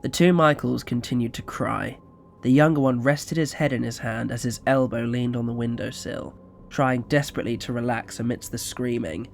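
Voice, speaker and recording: A man narrating an audio story in a quiet, even storytelling manner. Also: mid-range voice, normal speed, vocal fry, heavy background noise.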